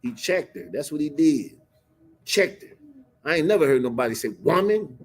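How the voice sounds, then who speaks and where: Man in his fifties, husky voice, slangy emphatic preacher, casual Bible class. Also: a little high, lively intonation, moderate pace. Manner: emphatic, slangy, repeats for effect. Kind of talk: casual scripture breakdown preaching.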